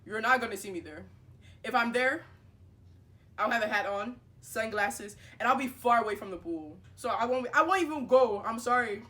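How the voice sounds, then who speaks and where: A young woman spins a casual storytime for her viewers, heavy with fillers. She keeps jumping into little acted-out exchanges and talks with lively energy. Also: fairly high pitch, normal speed. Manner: animated, filler-heavy, acts out dialogue. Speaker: vlogger.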